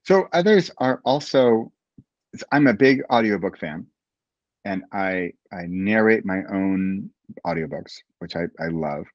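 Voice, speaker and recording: Brief: lively male author guest, lower voice, dry and muffled recording. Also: a little slow, no room sound. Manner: animated storyteller, frequent restarts. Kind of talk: casual interview chat. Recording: dull, dry lo-fi audio.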